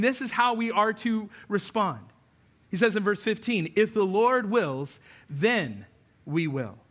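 A man preaching a sermon to his congregation as pastor, animated, moving between loud emphasis and low, quiet tones. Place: church sanctuary.

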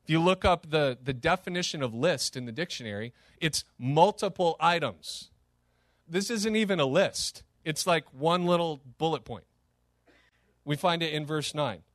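A man preaching a sermon as pastor, animated and emphatic, with sudden rises and drops in his delivery. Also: a little high, no echo, studio quality.

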